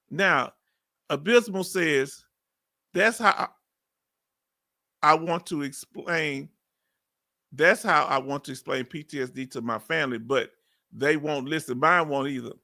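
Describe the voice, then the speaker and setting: Southern Texas man, fifties, bright high voice, laughs a lot, livestream host. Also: animated, measured pace, long pauses. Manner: chatty, laughing, drawling asides. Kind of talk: casual live chat reading comments.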